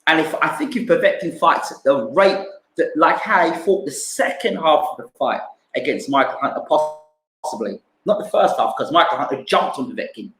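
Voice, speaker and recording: A man's voice: fairly high pitch, expressive, brisk, fairly bright tone, reverberant, low-quality recording. A man giving casual boxing fight analysis, repeating himself and acting out punches with sound words. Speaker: boxing pundit streamer.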